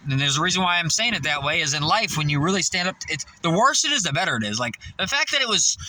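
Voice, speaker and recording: A man with a high, very lively voice vents in a casual, profane storytelling rant. His tone is sharp and bright, and he breaks into laughter between lines as he acts out the people he works with. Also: fast, poor audio. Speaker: fast-food worker venting.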